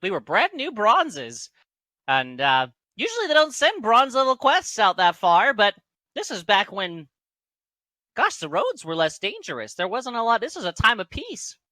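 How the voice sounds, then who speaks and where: A man's voice: high voice, wildly swooping pitch, normal speed, bright, forceful tone, no echo, voice pushed up, exaggerated voice. A man voicing an easygoing male halfling veteran who reminisces hesitantly with many fillers. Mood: reminiscing.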